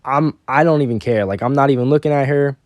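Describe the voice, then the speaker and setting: A young man casually telling a personal story, animated and quoting the people in it. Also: medium pitch, quick pace, no room sound.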